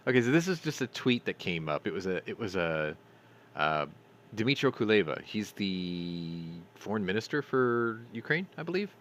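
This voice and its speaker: A man's voice: on the low side, sing-song, moderate pace, a bit bright. A man hosting a news commentary stream, reading articles aloud and adding sarcastic, profane remarks, stumbling over names.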